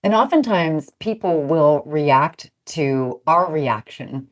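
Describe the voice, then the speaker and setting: A woman hosting an interview show, reading scripted segment links and asking questions in a measured, deliberate way. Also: low-pitched, animated. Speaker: podcast host.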